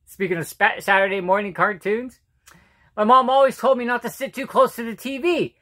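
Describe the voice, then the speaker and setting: Middle aged guy rambling funny stories on his vlog, highish voice, laughs at himself, trips over words. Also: steady tone, a bit bright. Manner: joking, self-mocking, laughs at his own stories; halting, with restarts and repeated words. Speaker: vlogger. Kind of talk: casual storytelling monologue.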